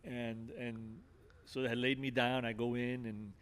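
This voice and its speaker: Older man, podcast guest, earnest testimony, frequent restarts, middle pitch, conversational. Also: flat delivery, a little slow, a bit bright, clean tone. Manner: earnest storytelling, many restarts and "you know".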